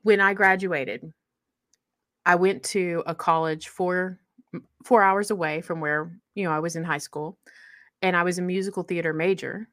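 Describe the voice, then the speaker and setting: A young woman with a slightly low voice tells a personal story in easy, conversational speech. She is heartfelt and often laughs in the middle of sentences. The sound is close and dry. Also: fairly even intonation, moderate pace, a bit bright, dry recording. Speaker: guest telling a personal story.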